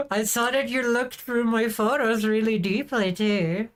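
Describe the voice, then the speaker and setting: A playful woman live-streaming a game, chatting with viewers in an unhurried, drawn-out way. Her voice sits a little high, and she giggles as she teases people in chat.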